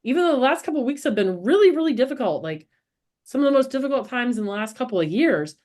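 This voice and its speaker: A woman's voice: fairly high pitch, big pitch swings, fast, darkish tone. A woman co-hosting a podcast, talking in a casual, earnest and reflective way, often laughing at herself. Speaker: podcast co-host. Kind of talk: casual spiritual conversation.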